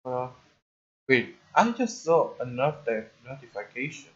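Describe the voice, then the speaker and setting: A man livestreaming a racing game, excitable, swearing often and complaining loudly at the game. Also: medium pitch, unhurried. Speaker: streamer playing a racing game. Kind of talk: livestream gaming commentary. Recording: slightly dull lo-fi stream audio, faint game music behind.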